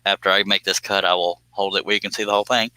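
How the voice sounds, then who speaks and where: A man chats casually to viewers on his live stream, folksy and amused by his own jokes. His voice sits a little low but sounds very bright. The sound is dry and close, with no room around it. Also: flat delivery, racing, clear, resonant tone, no echo, low-quality recording. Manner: folksy, self-amused, chuckles often.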